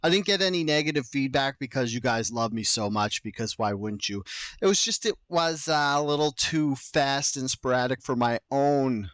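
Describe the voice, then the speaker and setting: A man hosting a solo podcast, rambling and self-mocking, deliberately slowing his speech. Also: mid-range voice, fairly bright tone, no echo. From Canada. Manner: self-mocking, digressive, deliberately slowed delivery. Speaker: podcast host.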